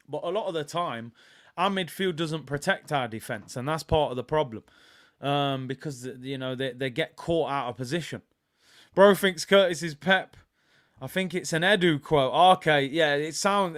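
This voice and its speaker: A young man, hosting a live football watch-along in casual, excitable chat, reading comments and reacting to scores. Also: a little high. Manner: animated, excitable, with loud outbursts of reaction.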